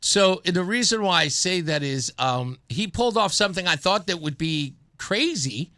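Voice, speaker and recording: Guy hosting talk radio, bright voice, bounces all over in pitch, chatty storyteller. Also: normal speed. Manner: animated storyteller, acts out a phone call in a low mumbling voice. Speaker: radio talk show host. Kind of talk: casual radio chat.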